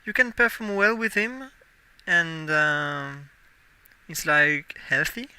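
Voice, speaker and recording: A young man in his twenties, a native French speaker with a French accent, talks casually on a live game stream, musing while playing and correcting himself. His voice sits on the high side, animated yet slow, bright and forceful, with a little hiss or hum underneath.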